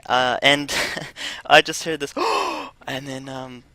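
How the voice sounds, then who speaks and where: A man's voice: medium pitch, steady tone, slow pace, sharp tone, smooth, no echo. A man telling a crude, rambling story with laughs while commentating over gameplay.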